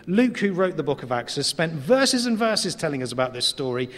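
Guy giving a sermon in church, kinda husky voice, long echo, earnest. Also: mid-range voice, fairly bright tone. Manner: earnest, emphatic with pauses. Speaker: preacher. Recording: reverberant hall.

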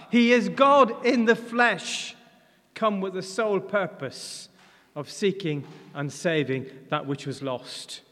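High-voiced man preaching in an echoing hall. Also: fairly bright tone. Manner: earnest, conversational, with frequent fillers and restarts. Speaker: visiting preacher. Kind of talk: sermon. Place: church. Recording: long reverb of a large church hall.

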